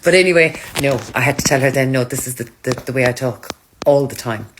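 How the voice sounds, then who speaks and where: A woman's voice: a bass voice, fairly quick, noisy background. A woman chatting casually to her followers, telling self-mocking stories. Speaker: social media creator.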